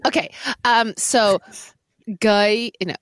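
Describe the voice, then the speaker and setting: Lively woman podcast host in a closet. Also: a little high, normal speed, no echo. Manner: self-deprecating, animated, laughs at herself. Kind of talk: casual podcast chat. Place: small closet.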